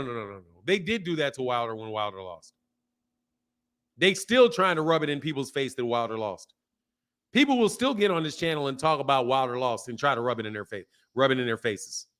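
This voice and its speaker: A man's voice: fairly high pitch, a bit bright. A man hosting a boxing channel livestream, talking bluntly in a rambling, repetitive way with plenty of slang and reading chat messages aloud. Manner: blunt, rambling, repeats himself. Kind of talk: casual livestream commentary.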